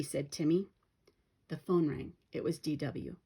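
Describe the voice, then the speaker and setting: A woman's voice: measured pace, husky. A woman reading a children's picture book aloud, giving the characters different voices. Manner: lively, voices characters with pitch jumps. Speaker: storybook reader.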